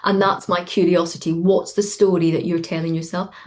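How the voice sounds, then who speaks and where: A middle-aged woman coach talks in a relaxed, chatty way over a video call. She slips into quoted voices as she tells stories from her work, with her pitch rising high for them. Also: fairly quick. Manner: animated storytelling, acting out quoted voices. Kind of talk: casual webinar talk.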